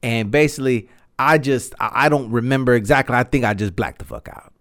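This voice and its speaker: A man in his thirties hosting a podcast, telling a story in a rambling, animated way and swearing freely. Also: medium pitch, a little fast. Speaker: podcast host. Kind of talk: casual storytelling monologue.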